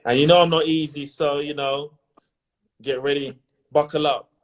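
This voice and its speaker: A man's voice: fairly high pitch, steady tone, moderate pace, slight background noise. Chatty man hosting a video call. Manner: upbeat, chatty, repeats himself. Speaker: investor hosting a pitch competition final. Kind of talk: casual live-stream chat.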